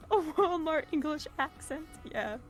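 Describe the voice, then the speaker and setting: A woman chatting casually on a stream, animated and giggly, often trailing off mid-thought. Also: high-pitched, slow, faint music behind.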